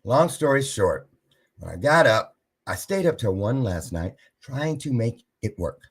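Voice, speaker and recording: A man's voice: medium pitch, measured pace, slightly rough. A man hosting a live-stream show, telling a story casually and acting out the voices of the people in it. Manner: animated, acts out quoted voices.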